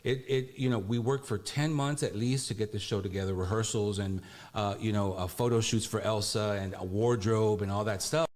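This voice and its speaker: A man being interviewed about a concert, with a fairly low voice. He talks in an easygoing, rambling way, with plenty of fillers. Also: moderate pace. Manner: relaxed, rambling, many fillers. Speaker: musician guest. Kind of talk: casual interview.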